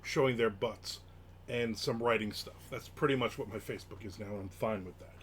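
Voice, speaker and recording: A man's voice: lowish voice, brisk, slight background noise. A man hosting a casual live stream, chatting and reading viewer comments aloud as he rambles from topic to topic. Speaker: livestream host.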